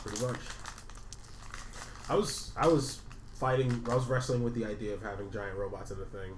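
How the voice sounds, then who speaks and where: A man's voice: lowish voice, steady tone, moderate pace. A man co-hosting a podcast in casual chat, who rambles, swears freely, and laughs at his own stories. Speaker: podcast co-host. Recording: echoey room with faint noise.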